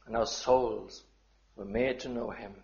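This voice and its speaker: Man, preacher, sermon, slow deliberate delivery, roomy church sound. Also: lowish voice, steady tone, gravelly, darkish tone, highs cut off. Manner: slow and measured, building to fervent appeals.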